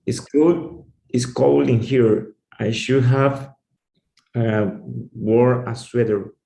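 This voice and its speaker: A male student reads his English exercise sentences in a slow, level monotone. His voice is mellow and low-lit, and the room around him rings with echo. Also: vocal fry. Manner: slow, flat reading of practice sentences. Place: cold room.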